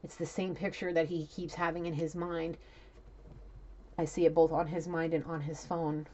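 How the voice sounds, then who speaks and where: A woman's voice: low-pitched, level tone, normal speed, warm tone, highs cut off. A woman doing an intuitive reading, talking casually and emotionally and swearing freely. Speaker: intuitive reader.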